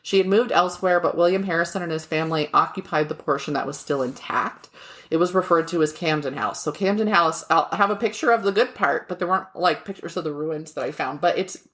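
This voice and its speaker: A woman's voice: lowish voice, a little fast, a bit bright. A woman co-hosting a podcast from the United States, telling a story in a casual, joking way, cursing now and then. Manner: chatty, laughing, swears casually, jokes about pronunciation. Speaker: podcast co-host.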